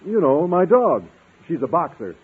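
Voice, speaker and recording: A man's voice: fairly high pitch, big pitch swings, moderate pace, slightly rough, exaggerated voice. An actor playing a mild, earnest man biology teacher in a 1950s radio comedy. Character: shy, gentle man biology teacher, fond of animals. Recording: tinny old radio broadcast.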